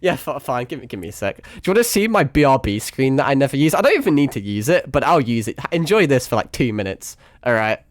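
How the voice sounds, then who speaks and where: A man's voice: medium pitch, very animated, fast talker, hardly any pauses, no echo, clean studio sound. Rambling, self-mocking young man streamer. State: strained voice. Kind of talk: casual live-stream gaming chat.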